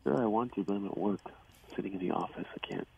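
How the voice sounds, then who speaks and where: A man's voice: fairly low pitch, fast talker, creaky, darkish tone, slight background noise. A man on a phone call with his girlfriend, reluctant at first, then slipping into mock baby talk. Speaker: boyfriend on the phone.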